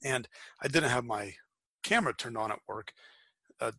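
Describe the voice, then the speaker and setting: A man's voice: mid-range voice, normal speed, pushed and bright, husky, dry recording. A man casually telling a rambling, self-mocking story over a video call. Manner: rambling anecdotes, self-deprecating humor.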